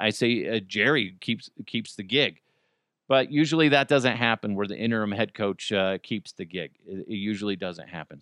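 A man's voice: mid-range voice, a bit bright, dry recording, clean studio sound. A man hosting his own podcast, talking casually and jokingly, rambling with frequent restarts. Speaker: podcast host. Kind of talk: casual solo podcast monologue.

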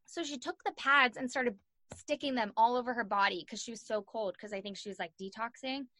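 A young woman tells a story in an animated, chatty way, full of "like" and acted-out quotes. Her voice is bright and fairly high. The recording is dry and close. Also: a little fast, no echo. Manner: animated, acts out quoted voices, many "like" fillers. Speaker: guest. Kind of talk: casual storytelling in an interview.

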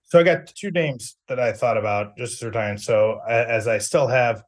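A man's voice: mid-range voice, normal speed. Chatty male sports podcast host. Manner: chatty, jokey, many fillers. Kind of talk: casual sports podcast chat.

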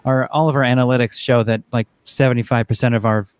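A man's voice: mid-range voice, fairly even intonation, fast talker, clear, resonant tone, no echo. A man appearing as a guest on a podcast, chatting and telling stories in a playful way. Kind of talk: casual chat.

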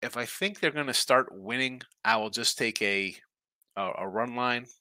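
Bright-voiced man rambling through betting picks. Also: medium pitch, normal speed, dry recording. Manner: rambling, thinking aloud, reacting to chat comments. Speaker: sports betting picks host. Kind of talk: casual live-stream chat.

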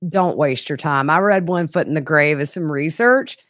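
A woman guest on a podcast, chatting candidly and animatedly with quick asides. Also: low-pitched, fairly bright tone, dry recording, studio quality. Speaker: podcast guest, trial reporter. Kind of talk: casual interview chat.

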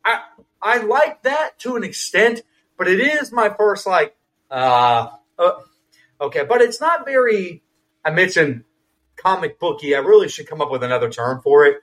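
A man co-hosting a film review podcast, chatting casually with lots of swearing and quick asides. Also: high-pitched, animated, a bit bright, rough recording. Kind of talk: casual chat.

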